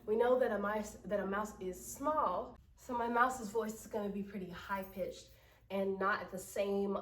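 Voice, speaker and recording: A woman teaching children an acting lesson, explaining slowly and patiently and often asking "right?". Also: mid-range voice, fairly even intonation. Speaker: drama teacher. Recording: roomy echo, from mic distance.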